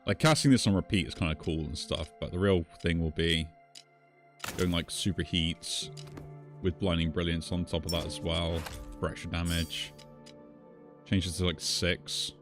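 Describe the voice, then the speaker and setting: A man with a low, deep voice talks casually through a game he is playing. He thinks out loud, weighing each move as he goes. Soft game music plays faintly in the background. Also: steady tone, normal speed. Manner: musing, thinks aloud while playing. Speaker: gaming streamer. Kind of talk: casual gameplay commentary.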